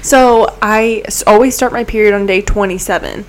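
A woman's voice: medium pitch, moderate pace. A young woman co-hosting a podcast, telling a long personal story in casual chat and acting out what people said. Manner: rambling storyteller, acts out quotes. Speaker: podcast co-host.

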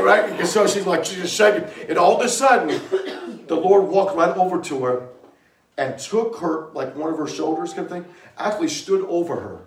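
Animated preacher man in echoey hall. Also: fairly high pitch. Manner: animated storytelling with laughs and shouted bursts. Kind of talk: sermon. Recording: echoey room, mic far from speaker.

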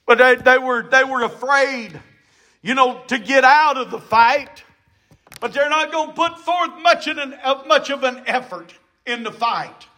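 A male preacher with a strikingly high voice delivers a fervent sermon. He speaks slowly, his tone bright and ringing. He repeats phrases, shouts for emphasis and punctuates his points with "amen".

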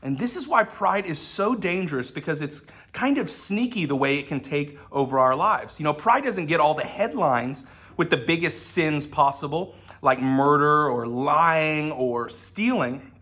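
A man's voice: fairly high pitch, a bit bright, slightly rough. A man giving a conversational sermon as a pastor, telling personal stories. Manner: casual storytelling with personal anecdotes.

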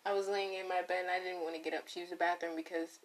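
A woman's voice: fairly low pitch, flat delivery, quick pace. A woman hosting a casual solo podcast, rambling and breaking off her own sentences as she talks straight to her listeners. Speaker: podcast host.

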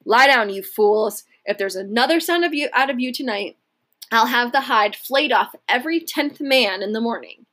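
A woman's voice: a little high, animated, normal speed, bright, forceful tone. A woman reading as a stiff, commanding ship's master.

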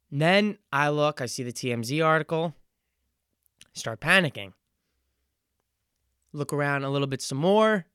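Smooth-voiced young man, earnest and reflective. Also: a little high, moderate pace, long pauses, a bit bright, dry recording, studio quality. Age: 20s. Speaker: podcast host. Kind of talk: casual solo podcast monologue.

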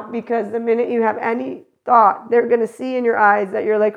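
Casting: woman host with a creaky, gravelly tone, rambling spiritual monologue, acts out quotes. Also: on the high side, moderate pace, hardly any pauses, muffled recording. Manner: rambling, animated, acts out quoted voices, laughs often. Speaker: spiritual channeler and podcast host.

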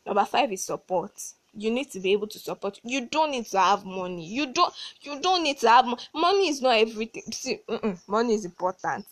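A woman's voice: a little high, expressive, fairly quick, no room sound. A young woman hosting a solo advice podcast, talking emphatically and repeating words for stress. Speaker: podcast host.

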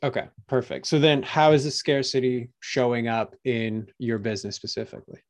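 A man's voice: mid-range voice, moderate pace. A man hosting a podcast as a coach, reflecting back what he hears and checking in with "right?". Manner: reflective, sums up with "right?" tags. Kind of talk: coaching conversation.

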